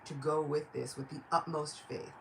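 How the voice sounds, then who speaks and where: A woman giving a devotional lecture, telling a sacred story in a lively, chatty way. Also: low-pitched, moderate pace, gravelly, a little hiss or hum.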